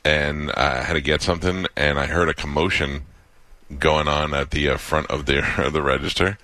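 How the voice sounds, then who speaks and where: A man's voice: rumbling low, normal speed, dry recording. A man co-hosting a radio show, telling a story in casual banter and acting out the voices of the people in it. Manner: animated storyteller, acts out quoted voices.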